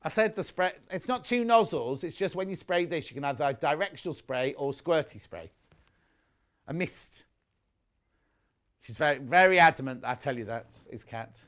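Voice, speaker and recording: A man's voice: fairly high pitch, expressive, moderate pace, a bit bright. A middle-aged British man presenting live on a shopping channel, chatting and gossiping between products and viewer messages. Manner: chatty, gossipy, rambling asides. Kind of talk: live selling chat, reading viewer messages.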